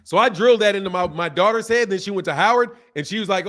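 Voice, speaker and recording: A man in his forties hosting a channel, talking in an animated, repetitive casual rant and laughing often. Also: sits high, brisk, long pauses. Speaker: boxing channel host.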